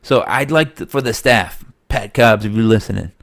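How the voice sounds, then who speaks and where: Gravelly low-voiced man talking sports. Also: normal speed. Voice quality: slightly nasal. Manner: rambling, animated, laughs often. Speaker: podcast co-host. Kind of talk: casual sports chat.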